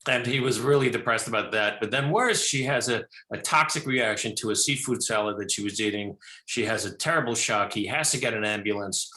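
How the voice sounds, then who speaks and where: An older man, a film director, telling stories in a talk show interview, animated and rambling with many restarts. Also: medium pitch, reverberant. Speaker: film director and actor, guest.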